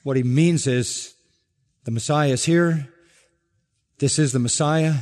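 Pastor guy preaching hard, lots of rhetorical questions, slightly high voice, big echoey church. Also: takes it slowly, a little mellow. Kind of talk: sermon. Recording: long reverb from a large hall.

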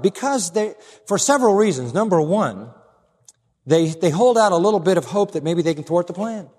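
A man preaching an expository sermon as pastor, emphatic, swinging from low asides to raised declarations. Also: expressive, fairly quick, a little mellow, slightly rough. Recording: long hall reverb.

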